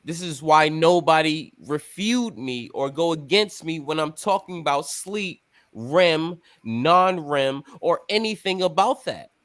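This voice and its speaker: A man's voice: a little high, animated, a little slow, few pauses, a bit bright. A man hosting a casual talk show, rambling and emphatic, cursing freely as he explains his views. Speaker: podcast host. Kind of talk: casual chat.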